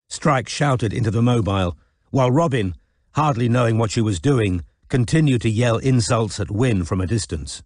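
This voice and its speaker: A man narrating a novel in an audiobook in a measured, even reading. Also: medium pitch, dry recording, studio quality. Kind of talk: scripted narration.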